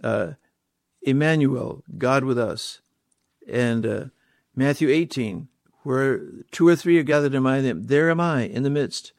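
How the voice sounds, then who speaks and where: A man's voice: mid-range voice, a little slow, vocal fry, darkish tone, dry recording, studio quality. A man preaching a sermon, stressing key words by repeating them and putting rhetorical questions to his listeners.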